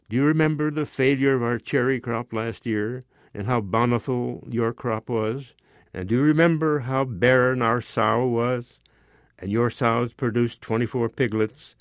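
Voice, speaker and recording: A man's voice: medium pitch, no room sound, lightly acted. A man reading the part of a worried peasant father who speaks deferentially and lists his grievances. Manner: deferential, complaining.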